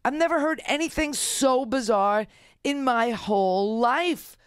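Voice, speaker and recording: An indignant middle-aged woman hosts a political talk show, piling on emphatic restarts and fillers. Her voice is smooth and resonant. The sound is close and dry. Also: sits high, unhurried, dry recording. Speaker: radio talk show host. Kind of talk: opinionated political commentary.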